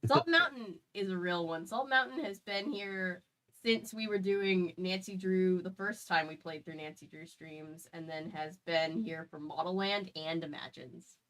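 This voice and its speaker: A woman's voice: lowish voice, measured pace, a bit bright, rough recording. A woman hosting a casual stream chat, rambling along with lots of "like" fillers. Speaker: host.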